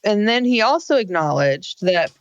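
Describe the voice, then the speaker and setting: A woman's voice: medium pitch, very animated, normal speed, highs cut off. A woman co-hosting a podcast, recapping a reality show in casual chat with a wry, sardonic manner. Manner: wry, sardonic, narrates scenes. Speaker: podcast co-host.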